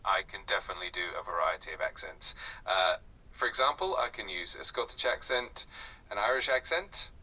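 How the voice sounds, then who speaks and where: A male AI tutor with a very bright, slightly husky voice gives upbeat, smooth explanations in friendly casual chat. His replies come from a device speaker, picked up from some distance away. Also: on the low side, expressive, brisk, lo-fi sound. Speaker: AI conversation partner.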